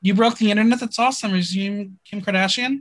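A man's voice: sits high, quick pace, no room sound. A man hosting a podcast, casually recapping a TV show with jokes and laughter. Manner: animated, laughing, joking. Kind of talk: casual chat.

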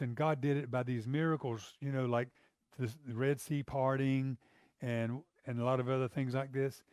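Guy preaching a sermon, chatty, asks the crowd questions, kinda higher voice, dry sound. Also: dry recording. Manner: conversational, asks rhetorical questions; repeats and restarts phrases.

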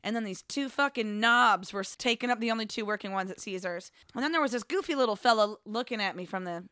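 A woman's voice: fairly high pitch, fast, sharp tone, clear, resonant tone, dry recording, clean studio sound. A woman co-hosting a casual podcast, trading wry jokes and recounting her weekend with some swearing. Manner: wry, joking asides, swearing. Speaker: podcast co-host. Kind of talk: casual chat.

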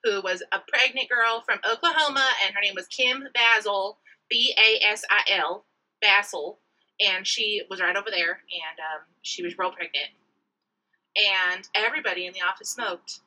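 Woman co-host with a very bright, middle-pitched voice, animated storyteller who laughs often. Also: normal speed, low-quality recording. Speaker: podcast co-host. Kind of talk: casual chat storytelling.

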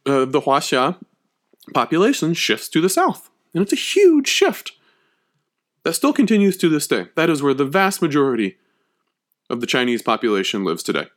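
A man's voice: mid-range voice, very animated, fairly quick, fairly bright tone. A man giving a history lecture, emphatic and conversational, checking in often with his listeners. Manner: emphatic, checks in with frequent "okay?".

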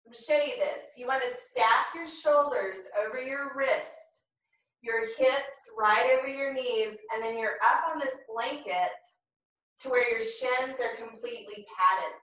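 A woman guides a yoga class at a slow, unhurried pace, her voice bright and a bit high. She sits well back from the camera mic in a very echoey room. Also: distant mic. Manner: slow, calm cueing of breath and movement. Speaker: yoga instructor. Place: home room, filmed on own camera. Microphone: camera mic at a distance.

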